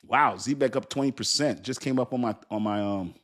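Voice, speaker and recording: A man hosting a casual crypto livestream, joking and talking straight to his viewers in an animated way. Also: medium pitch, a little fast.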